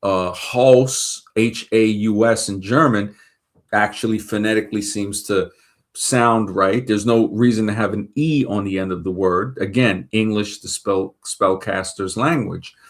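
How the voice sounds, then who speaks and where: Rambling Brooklyn-born man, lowish voice. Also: fairly even intonation, measured pace. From Brooklyn, New York. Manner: rambling, thinking aloud, checks facts while talking. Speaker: show host. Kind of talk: casual monologue.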